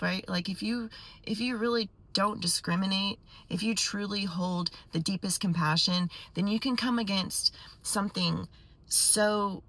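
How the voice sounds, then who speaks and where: A woman vlogger telling a story to her viewers in a casual, animated way with quick asides. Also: lowish voice, dry recording.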